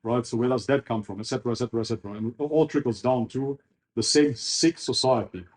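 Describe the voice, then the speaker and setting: A man being interviewed on a podcast, explaining his views in a steady, lecturing way. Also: medium pitch, quick pace. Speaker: interview guest. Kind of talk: casual interview chat.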